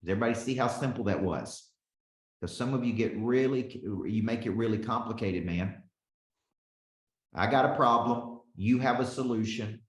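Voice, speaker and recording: A man's voice: medium pitch, normal speed, roomy sound. A man in his forties, a business coach teaching a live webinar with lots of energy, calling on listeners by name and often checking in with "okay?". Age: 40s.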